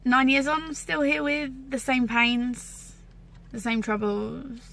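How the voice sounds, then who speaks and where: A woman's voice: sits high, flat delivery, takes it slowly, gravelly, a bit bright, slight background noise. Candid young English woman vlogging. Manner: candid, wry, emotional at times. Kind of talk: personal storytelling to camera.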